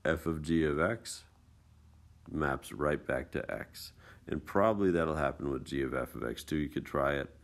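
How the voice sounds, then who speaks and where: A man with a very deep, gravelly voice talks through math homework in a relaxed screencast lesson. He explains each step casually, with chatty, folksy asides. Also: moderate pace. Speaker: math teacher. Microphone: tablet screencast mic.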